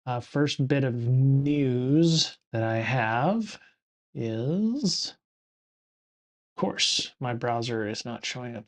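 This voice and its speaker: A middle-aged man hosts a solo live stream as a podcaster, chatting casually and rambling along with lots of fillers and self-corrections. His voice is medium-pitched with lively intonation, and he draws out his words.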